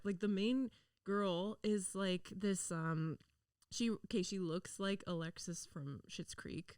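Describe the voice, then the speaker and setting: A woman hosting a podcast, chatting casually, laughing often and slipping into quick voices when she quotes people. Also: mid-range voice, clear, resonant tone, dry recording, clean studio sound, distant mic. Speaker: podcast host. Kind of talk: casual chat.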